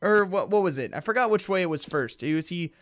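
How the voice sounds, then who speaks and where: A man's voice: sits high, expressive, fast, no echo, studio quality. A man co-hosting a podcast, chatting with wry, exasperated banter. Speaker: podcast co-host. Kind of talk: casual chat.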